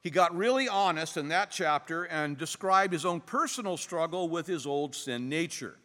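A man preaching a sermon as pastor, earnest and emphatic, with dramatic pauses. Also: fairly high pitch, bright, forceful tone. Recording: long hall reverb.

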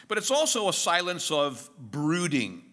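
A middle-aged man preaches a sermon, walking through the text in an easy, conversational way and slipping in jokes and short stories. His voice sits a little high and sounds bright and forceful. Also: huge pitch swings, a little slow. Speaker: pastor. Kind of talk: expository sermon.

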